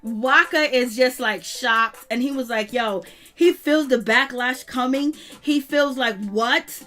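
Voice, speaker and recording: A woman hosting her channel, giving slangy, animated reality TV gossip commentary and laughing often. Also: high voice, unhurried. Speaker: channel host.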